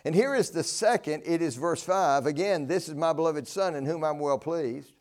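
A man's voice: on the high side, moderate pace, a little mellow. A man from North Carolina, preaching a folksy, earnest sermon. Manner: earnest, folksy, rises to emphatic peaks.

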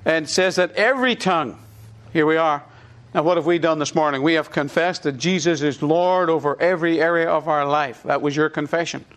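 A man's voice: on the high side, a little fast, a bit bright. A man delivers a sermon with a slightly raised voice. He teaches in an everyday conversational way and goes back over points so they land. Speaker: preacher.

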